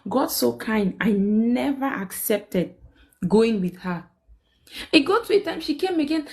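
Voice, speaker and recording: A young woman tells a personal story to her live-stream viewers. Her voice sits a little high, and she talks casually and expressively, leaping in pitch whenever she acts out what others said. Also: a little slow. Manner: animated, quotes people with big pitch jumps.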